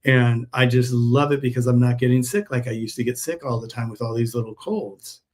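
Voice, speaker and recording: A man's voice: mid-range voice, brisk, a little mellow, close to an everyday voice. A man voicing an elderly woman customer in his retelling, earnest and gushing. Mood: grateful. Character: chatty 83-year-old grandmother customer.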